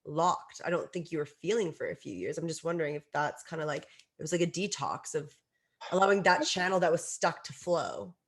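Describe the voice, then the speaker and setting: Podcast host, middle pitch, curious, chatty follow-up questions. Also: animated, brisk, fairly bright tone. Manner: curious, wondering aloud. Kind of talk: casual interview chat.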